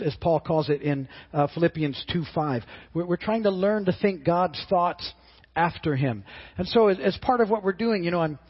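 A middle-aged man preaching a sermon as pastor, earnest and halting, often repeating his words as he restarts. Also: high voice, breathy edge, muffled recording.

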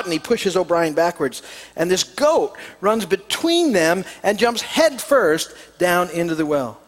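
A man's voice: high voice, big pitch swings, moderate pace, in a large hall. A man preaching a sermon as a pastor, folksy and hesitant with many fillers, telling a joke and reading scripture.

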